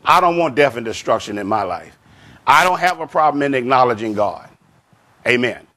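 A man preaching a sermon as pastor, slow and emphatic, repeating phrases and saying "amen" often. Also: medium pitch, animated, pushed and bright.

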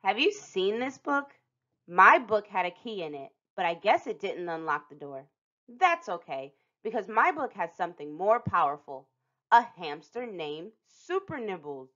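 Expressive woman reading a picture book aloud. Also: mid-range voice. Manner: expressive, with dramatic pauses and slowed phrases. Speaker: storytime reader. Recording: dull lo-fi recording.

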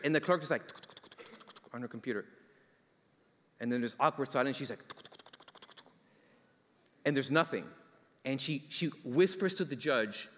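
Man, preacher, fairly high voice, sermon, questions to the congregation, echoing church hall. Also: moderate pace, fairly bright tone. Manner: storytelling, asks the congregation questions. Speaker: guest preacher. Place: church sanctuary. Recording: long church hall reverb.

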